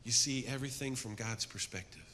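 A middle-aged man preaching a sermon to a men's group, telling stories with energy and then dropping to a soft, earnest appeal. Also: medium pitch, fairly quick, a little hiss or hum. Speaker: men's ministry speaker.

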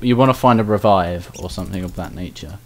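A man's voice: sits low, fast. A man giving casual, hesitant gameplay commentary at his computer, often trailing off with ums. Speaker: let's play co-host.

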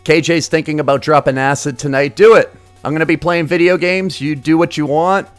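Brief: male game streamer, casual crude sarcastic commentary, slightly high pitch. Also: steady tone, brisk, no room sound, faint music behind. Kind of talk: casual live-stream commentary while gaming.

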